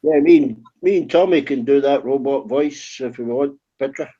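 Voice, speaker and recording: A man's voice: mid-range voice, normal speed, dark tone, a little hiss or hum. A man chatting casually in a blunt way and swearing offhandedly. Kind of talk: casual chat. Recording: dull lo-fi sound.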